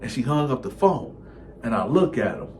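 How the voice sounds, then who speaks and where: A man tells a story in a casual, slangy manner, with his voice set at a middle pitch. He is animated and acts out each of the people as he goes. A faint noise sits under the voice. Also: normal speed. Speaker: storytime host.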